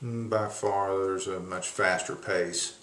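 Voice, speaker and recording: A man with a very low voice answers interview questions slowly and with some hesitation. The room is echoey, with faint hiss underneath. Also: steady tone, a bit bright. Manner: unhurried, hesitant.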